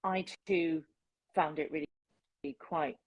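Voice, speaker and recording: A woman hosting an interview, talking in an earnest, open and reflective way with many pauses and ums. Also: sits low, fairly even intonation, no room sound, dull audio. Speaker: host. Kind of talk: casual interview chat.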